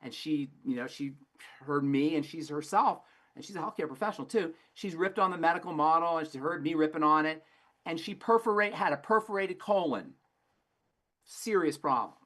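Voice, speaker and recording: A man's voice: a little high, normal speed, bright, forceful tone. A man, a pharmacist guest on a call-in health program, speaking emphatically and preachily with frequent restarts.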